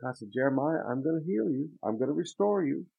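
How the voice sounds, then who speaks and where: A man's voice: fairly high pitch, lively intonation, brisk, gravelly, slightly rough. A man preaching a sermon as a pastor, reading scripture aloud and then expounding it emphatically. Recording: tinny phone-like sound.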